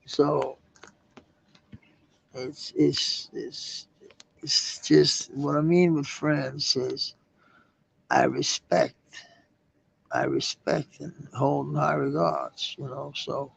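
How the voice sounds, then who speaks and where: A man rambling in a halting live-stream monologue, repeating words, trailing off and swearing. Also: on the high side, steady tone, creaky, slightly rough, low-quality recording. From Denmark.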